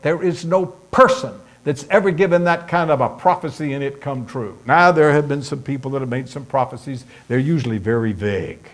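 With a voice on the high side and normal speed, a man preaches emphatically from the pulpit as a pastor. He repeats his points for emphasis and picks up speed when listing them.

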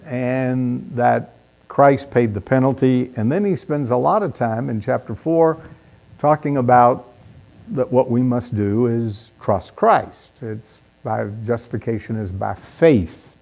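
A man's voice: medium pitch, slow, creaky, a little mellow. A man preaching a sermon, reading Bible verses aloud with dramatic emphasis and talking to the congregation in conversational asides.

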